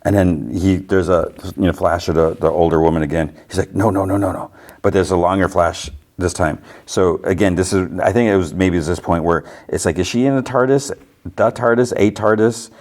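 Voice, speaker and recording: A man's voice: low-pitched, brisk, few pauses, a little mellow. A man hosting a podcast, casually recapping a TV episode in a rambling way with lots of "like" and fillers. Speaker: podcast host.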